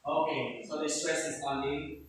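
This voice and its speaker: A man teaching a classroom lesson. His voice is fairly high and it echoes strongly off the hard walls. He is heard from a distance, with faint room noise behind him. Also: flat delivery, measured pace. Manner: explains patiently, often checks in with the class. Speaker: teacher giving a demonstration lesson. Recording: echoey room, mic far off.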